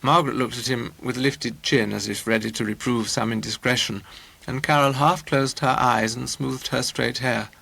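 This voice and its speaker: A man's voice: mid-range voice, fairly even intonation, normal speed, creaky, pushed and bright, poor audio. A man narrating a comic novel in an audiobook, with a wry, dry delivery.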